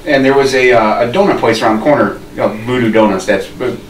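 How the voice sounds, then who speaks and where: A man's voice: medium pitch, fast. Man telling a rambling story, distant mic. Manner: rambling, laughing storyteller with restarts. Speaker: podcast co-host. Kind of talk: casual storytelling. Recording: roomy, distant mic with faint noise.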